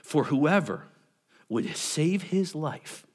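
A male pastor delivering a lively sermon, his pitch swinging widely as he preaches. He talks in a casual, animated way, slipping into everyday voices for the people in the story. His voice sits a touch higher than most men's. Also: slow, breathy edge.

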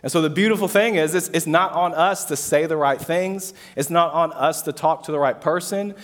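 A man's voice: a little high, moderate pace. Young male pastor in a reverberant hall. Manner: storytelling with asides, repeats phrases. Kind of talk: sermon. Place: hall with an audience.

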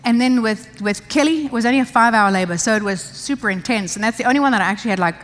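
Laughing woman preacher telling stories, kinda high voice, echoey big hall. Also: very fast, a bit bright. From South Africa. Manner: chatty, laughing often, many restarts. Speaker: pastor. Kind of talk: sermon with personal story. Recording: long reverb of a large hall.

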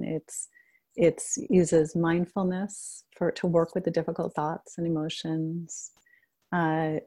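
Woman, meditation teacher, gentle, unhurried, slightly low voice. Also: gravelly. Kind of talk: guided meditation and talk.

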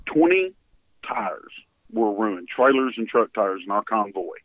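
A man's voice: lowish voice, expressive, a little slow, no echo. A man with a Texan accent, a guest on a radio interview, telling a story earnestly and voicing the people in it with feeling. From Texas. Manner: earnest storyteller, voices his quotes with feeling. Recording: dry, tinny phone line.

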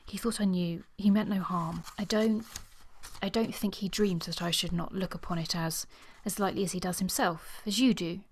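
A woman's voice: lowish voice, moderate pace, slightly rough. A woman reading a proud young governess from a novel, earnest and flustered, at times close to a whisper. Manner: earnest, sometimes dropping to a whisper.

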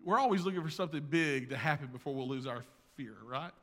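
A man preaching a sermon as pastor, swinging between loud emphasis and hushed asides, recorded in a church sanctuary. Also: on the high side, fast. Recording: long reverb of a large hall.

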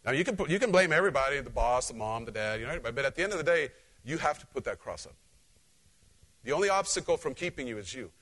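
With a medium-pitched voice and a quick pace, a male pastor delivers a sermon in a conversational style. He is animated, tells stories from his own life, and talks directly to the congregation.

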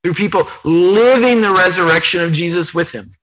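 A man's voice: high voice, normal speed, fairly bright tone, rough recording. A man preaching a sermon, earnest and emphatic, retelling scripture in his own words with repetition. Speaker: pastor.

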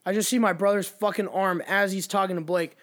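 A man telling a bar story in a casual chat, profane, animated and emphatic. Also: high voice, brisk.

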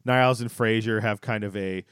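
A man's voice: lowish voice, fairly even intonation, normal speed, a bit bright, clean tone, dry recording, clean studio sound. A man co-hosting a podcast, chatting casually about a sitcom episode with rambling restarts and laughing asides. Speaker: podcast co-host. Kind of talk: casual chat recapping a sitcom.

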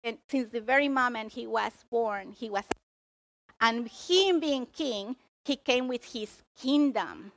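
A woman preaching a sermon, emphatic and expressive as she tells the story. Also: fairly high pitch, slow pace.

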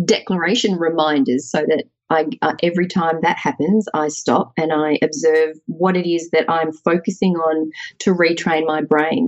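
A woman calmly and earnestly explaining a wellness practice in casual conversation, often restarting her sentences. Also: deep voice, highs cut off. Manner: earnest, thoughtful, with frequent restarts. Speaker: guest sharing wellness practices.

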